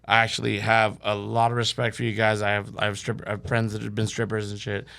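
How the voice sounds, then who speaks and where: A man's voice: on the low side, monotone, quick pace, creaky, sharp tone. A young man telling a wild story on a comedy podcast, acting out quotes and swearing freely. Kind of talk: casual storytelling.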